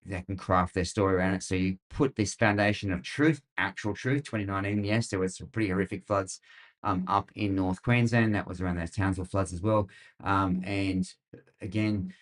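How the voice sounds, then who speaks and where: A man's voice: low voice, fairly even intonation, normal speed. A middle-aged Australian man hosting a weather show, rambling and sarcastic with lots of fillers. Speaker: weather podcast host. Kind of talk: casual commentary.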